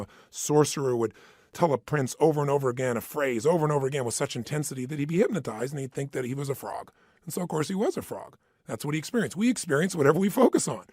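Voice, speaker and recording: A man's voice: mid-range voice, darkish tone, no echo, clean studio sound. A man giving an emphatic motivational talk, acting out the voices in people's heads. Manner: emphatic, acts out inner voices. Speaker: motivational speaker.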